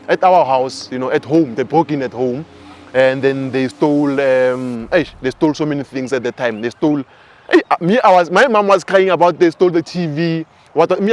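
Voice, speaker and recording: A man in his twenties with a South African accent, giving a casual, animated spiritual teaching talk. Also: a little high, a little hiss or hum. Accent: South African English. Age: 20s. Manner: animated storyteller.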